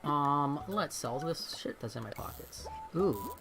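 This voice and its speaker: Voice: medium pitch, expressive, measured pace, noisy background. A vtuber streamer in casual livestream chat, rambling and swearing freely and laughing often while playing a game at home.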